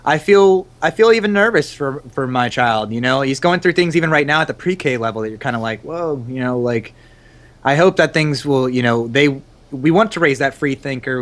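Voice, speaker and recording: Halting young man chatting on a call. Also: mid-range voice, fairly bright tone. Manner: halting, thinks aloud with many "you know" and restarts. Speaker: podcast co-host, father of two. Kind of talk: casual group chat over a voice call. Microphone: computer mic on an online call.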